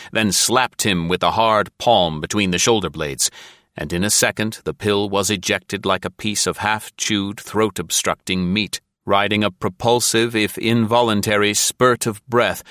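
A man narrating an audiobook in a steady, measured reading voice. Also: on the low side, no room sound, clean studio sound.

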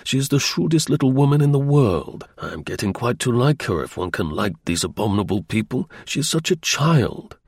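A man voicing a confident German spy who talks in an easy, assured, confidential way, with a husky voice. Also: mid-range voice, very animated, brisk, hardly any pauses, darkish tone, dry recording, clean studio sound. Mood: smug confiding.

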